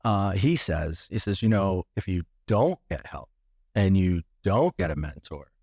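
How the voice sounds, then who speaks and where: A man's voice: low-pitched, expressive, unhurried, a little mellow, no echo, studio quality. A man guest on a podcast, telling a personal story with many restarts and acting out what others said.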